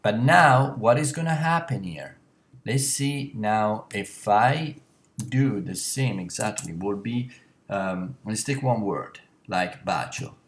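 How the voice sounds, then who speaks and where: A man teaching a language class, explaining slowly with many pauses and self-corrections. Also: on the low side, expressive. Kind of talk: classroom lecture.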